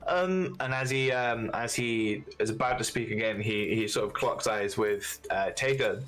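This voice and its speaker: A man's voice: lowish voice, moderate pace, a bit bright, soft background music, rough recording. A man narrating as game master, in an easygoing way with many fillers.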